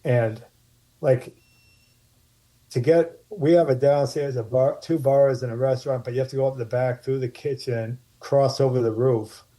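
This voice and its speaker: Podcast guest: man, very dark mellow tone, rambling casual storyteller full of restarts. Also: mid-range voice, steady tone, moderate pace. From Martha's Vineyard, USA. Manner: rambling anecdotes with many restarts.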